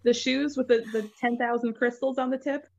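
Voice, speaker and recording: A woman's voice: a little high, fairly even intonation, moderate pace, gravelly, darkish tone. A woman co-hosting a podcast, chatting in a gossipy, incredulous way. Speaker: podcast co-host. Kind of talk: casual chat. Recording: dull lo-fi sound.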